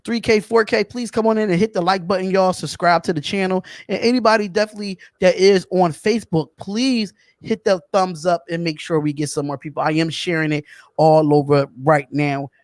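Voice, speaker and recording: A man hosting a casual sports talk podcast, animated and chatty, calling out to viewers. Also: high voice, a little fast, dry recording, studio quality. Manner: animated, shouts out viewers, says y'all. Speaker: podcast host.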